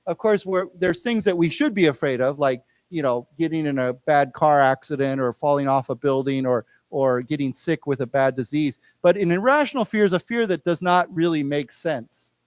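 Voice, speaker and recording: An American man teaches a live English class in a lecture room, chatting loosely with lots of restarts and pronouncing words slowly for the students to repeat. His voice is a little high, and the recording is dry.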